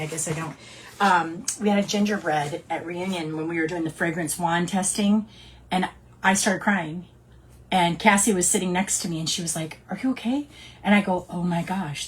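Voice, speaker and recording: A middle-aged woman teaching fragrance blending in a chatty, animated storytelling way. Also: mid-range voice, slightly rough. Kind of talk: casual teaching talk.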